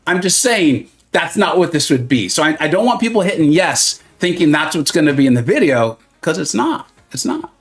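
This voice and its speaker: A man's voice: a little high, big pitch swings, moderate pace, few pauses. A man streaming a mobile game live, joking and self-mocking while he chats with his viewers. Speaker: gaming streamer. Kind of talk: casual live-stream commentary.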